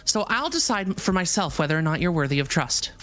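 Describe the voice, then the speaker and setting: A woman's voice: on the low side, very animated, a little fast, a bit bright, soft background music. A woman voicing an earnest otherworldly being. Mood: resolved. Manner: earnest, formal and a little hesitant. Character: earnest, naive otherworldly being, calm and curious. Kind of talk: live reading of a visual novel.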